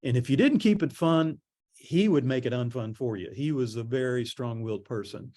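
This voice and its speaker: A middle-aged man giving a conference presentation on public relations, telling stories in a relaxed, conversational way. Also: medium pitch, normal speed. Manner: conversational storytelling, animated quoting.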